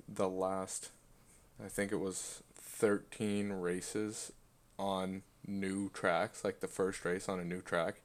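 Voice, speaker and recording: Halting man with a lowish voice. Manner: halting, repeats words as he starts. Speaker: podcast co-host. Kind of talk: casual chat.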